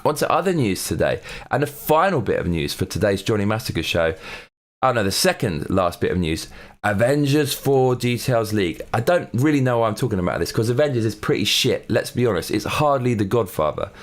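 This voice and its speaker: Profane ranting male comedy news host. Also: fairly low pitch. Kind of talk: sarcastic comedic news commentary.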